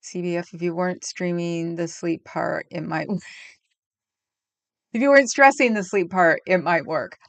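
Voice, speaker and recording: Chatty woman streamer, low dry voice. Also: a little slow, vocal fry, no echo. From California. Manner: chatty, rambling, laughs often. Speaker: livestream host. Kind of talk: casual chat with live chat. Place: home. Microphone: desk microphone.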